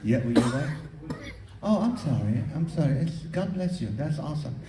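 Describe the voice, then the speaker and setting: A man doing stand-up comedy, teasing the audience in an animated way, recorded live from the crowd. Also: on the high side, normal speed, recorded from a distance, very noisy. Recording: echoey hall taped from the audience. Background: audience laughter.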